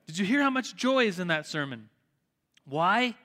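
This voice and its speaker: A man's voice: sits high, big pitch swings, slow pace, pauses often, pushed and bright, big-room sound. A man teaching a Sunday school class in a casual, chatty way, full of "like" fillers and restarts, before leading a prayer. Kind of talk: informal church class teaching, closing in prayer. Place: church classroom or hall.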